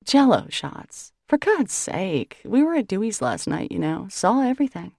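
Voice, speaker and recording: A woman's voice: mid-range voice, sing-song, normal speed, creaky, a little mellow, no echo, clean studio sound. A woman voicing an earnest, emotional older sister who speaks in a careful, pleasant social-worker tone. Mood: scolding.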